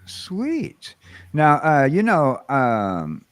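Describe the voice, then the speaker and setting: A man hosts a casual stream chat in a rambling way, padded with fillers and false starts. His pitch moves around a lot. The sound is close and dry. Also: wildly swooping pitch, very slow, no echo. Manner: rambling, many fillers and restarts. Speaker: host.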